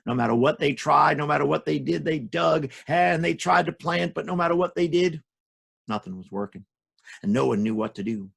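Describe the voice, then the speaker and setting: A male children's storyteller with a gravelly, husky voice pitched slightly high. He tells folktales with animated energy and playful sound effects. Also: moderate pace.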